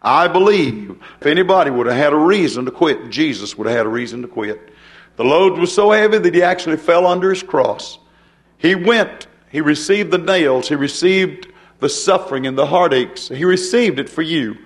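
An older man with a drawl delivers a homespun sermon. His voice sits slightly high for a man, and he chuckles and asks the congregation rhetorical questions. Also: animated, moderate pace. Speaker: preacher. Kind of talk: folksy sermon.

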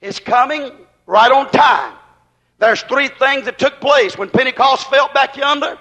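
A man preaching a sermon in fiery bursts, often shouting. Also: extremely high pitch, low-quality recording.

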